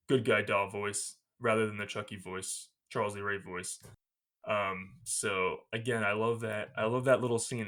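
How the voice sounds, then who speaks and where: A man hosting a podcast, retelling a movie scene by scene in a casual, animated way and laughing often. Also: lowish voice. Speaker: podcast host.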